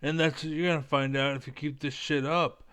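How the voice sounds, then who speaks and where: A man's voice: on the high side, fairly even intonation, a little fast, fairly bright tone, clean tone. A man giving angry reaction commentary, profane and combative, rambling as he argues. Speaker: reaction video creator.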